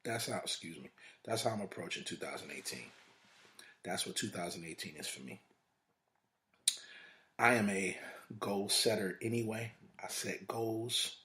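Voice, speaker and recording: A male podcast host delivers a motivational talk like a preacher, stacking long repeated lists and firing off rhetorical questions. His voice is lowish, bright, and forceful, moving at a moderate pace with long pauses.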